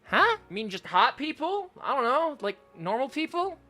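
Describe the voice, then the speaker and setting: A man's voice: moderate pace, soft background music. A young man, a content creator, answering fan questions in a casual vlog, joking, swearing and doing silly voices in his stories. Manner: animated, jokey, swears often, does high silly voices in stories.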